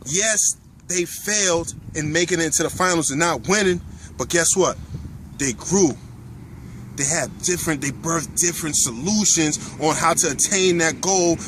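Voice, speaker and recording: A man's voice: high-pitched, fairly bright tone, a little hiss or hum. A man hosting a motivational talk to camera outdoors, preachy and emphatic, repeating his key lines. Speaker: motivational video host. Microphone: camera mic, filmed by his wife.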